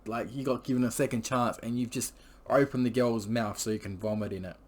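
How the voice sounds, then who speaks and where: A man's voice: mid-range voice, fairly even intonation, a little fast, a little mellow. A man telling a story in a casual, crude and rambling way, full of swearing and fillers. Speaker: vlogger.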